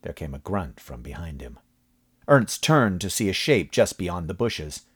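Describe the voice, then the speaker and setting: A man narrating a horror story from a script, with expressive, dramatic delivery. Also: sits low, measured pace, husky. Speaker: audiobook narrator.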